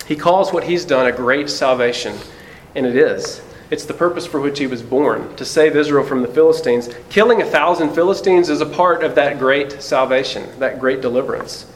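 Male pastor, fairly high voice, earnest sermon delivery, slows and drops for emphasis, faint noise behind. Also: animated, rough recording.

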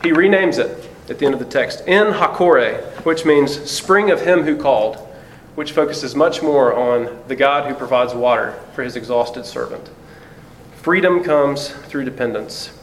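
A man preaching a sermon in an earnest voice, slowing down and dropping low to stress key words. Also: a little hiss or hum, poor audio. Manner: earnest preaching, slows and drops low for emphasis. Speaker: pastor.

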